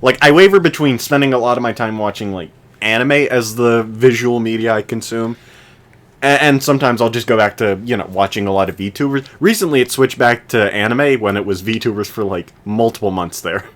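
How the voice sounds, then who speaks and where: A man's voice: mid-range voice, brisk. A young man just over eighteen co-hosting a podcast, tossing out dry, teasing quips in casual banter. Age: young adult. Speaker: podcast co-host.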